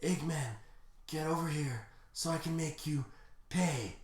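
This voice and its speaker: Woman playing a brave wounded hedgehog hero, earnest, breathless, slow, roomy echo. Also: deep voice.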